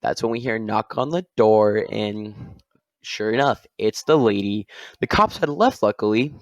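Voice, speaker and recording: A man hosting his own podcast, telling a story casually and rambling, often tagging sentences with a quick "all right?". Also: lowish voice, lively intonation, no room sound, highs cut off. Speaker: podcast host.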